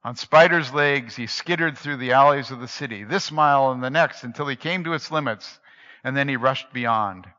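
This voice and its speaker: A man reading a story aloud dramatically, moving between hushed and emphatic delivery. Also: mid-range voice, normal speed. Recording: dull lo-fi recording in a reverberant hall.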